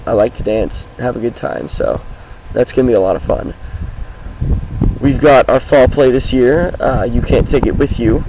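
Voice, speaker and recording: Hoarse teenage boy, gravelly voice. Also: mid-range voice, animated, normal speed, dark tone, a little hiss or hum, poor audio. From Washington State, US. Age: teens. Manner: rambling, upbeat, many fillers. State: hoarse, groggy voice. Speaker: high school student vlogger. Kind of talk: casual self-introduction vlog. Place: outdoors, sitting on his car.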